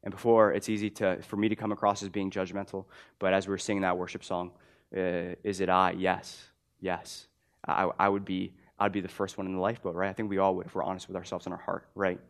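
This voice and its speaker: A man's voice: deep voice, little pitch movement, quick pace. Man preaching in a casual, emphatic way. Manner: conversational, emphatic repetition, many restarts. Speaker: pastor. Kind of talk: sermon.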